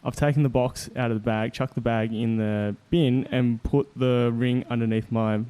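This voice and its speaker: An Australian man telling a story in casual chat as a guest, animated and laughing often as he acts out what people said. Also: medium pitch, normal speed, clean tone.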